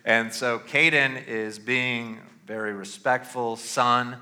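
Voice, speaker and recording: A man's voice: medium pitch, steady tone, slow pace, bright, forceful tone. A middle-aged male pastor giving a sermon in a loose, conversational way, often checking in with "all right?".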